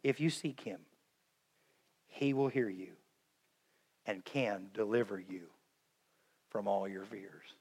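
A middle-aged man preaching a sermon, swinging between loud urging and hushed, tender lines. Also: lowish voice, slow pace, vocal fry, pauses often, slightly rough. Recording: long hall reverb.

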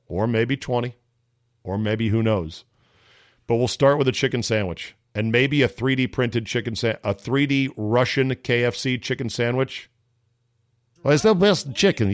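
A man's voice: medium pitch, dry recording, clean studio sound. A man hosting a daily sports talk podcast, riffing sarcastically on the news in a casual, joking way. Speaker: sports radio host. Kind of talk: casual solo commentary.

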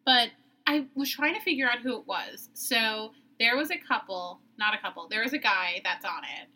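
A woman's voice: a little high, expressive, moderate pace, sharp tone, breathy edge. A young woman co-hosting a podcast in casual chat, chatty, laughing often and swearing casually. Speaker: podcast co-host.

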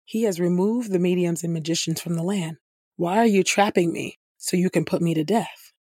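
A woman's voice: fairly low pitch, moderate pace, warm tone, husky, dry recording, studio quality. A woman reading the lines of a cautious female medium, in a plain scripture-reading voice. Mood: wary. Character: wary female medium, later caring.

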